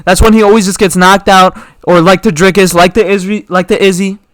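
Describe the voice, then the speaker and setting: A man's voice: sits high, fairly even intonation, fairly quick, a bit bright, no room sound. A young man hosting his own channel, giving casual, slangy opinion commentary full of rhetorical questions. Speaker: MMA commentary channel host.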